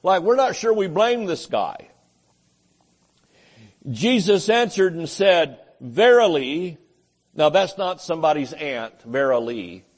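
Preacher guy, kinda high voice, slow and folksy, cracks jokes mid sermon. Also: very animated. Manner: joking, folksy preaching with frequent amens. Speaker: pastor.

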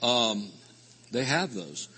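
Folksy preacher in a hall. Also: male voice, mid-range voice, very animated, slow, husky. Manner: rambling, folksy, with sudden loud outbursts. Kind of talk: sermon. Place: live convention hall. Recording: live hall recording with long reverb.

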